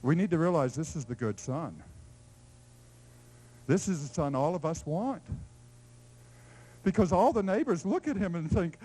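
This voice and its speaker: A man preaching a sermon in a lively, playful storytelling way, swinging between loud exclamations and hushed asides. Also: a little high, measured pace, long pauses, low-quality recording.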